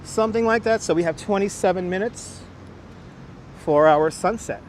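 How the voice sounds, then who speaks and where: Walking the streets of New York, a middle-aged man with a light local accent livestreams, replying to viewer comments over a wireless clip-on mic. His voice is high and his pace normal, with faint outdoor street noise behind him.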